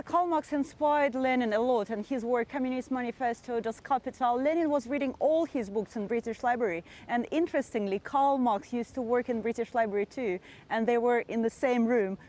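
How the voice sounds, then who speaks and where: A woman's voice: fairly high pitch, a little mellow, poor audio. A woman tour guide earnestly explaining history outdoors on city streets, with faint traffic behind. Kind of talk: informative storytelling.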